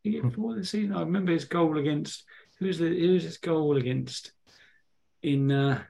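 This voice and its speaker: A man's voice: fairly high pitch, fairly quick, gravelly, mellow. A man co-hosting a podcast, quizzing his friend in casual banter and laughing often as he thinks aloud. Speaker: podcast co-host. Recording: podcast recorded at home.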